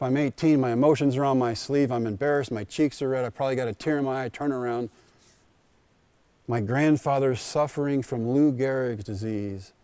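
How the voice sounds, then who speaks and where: A man at mid pitch with a warm, mellow tone tells a personal story from the stage. He speaks in short punchy sentences with dramatic pauses, and his voice sounds close and dry. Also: no echo. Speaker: keynote speaker. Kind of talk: storytelling speech. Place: school district convocation event.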